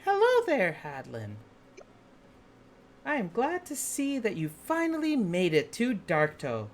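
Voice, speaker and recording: A man voicing a languid female pirate queen lounging on her throne, in a high put-on drawl. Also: huge pitch swings, unhurried, slight background noise, heavily acted. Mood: welcoming.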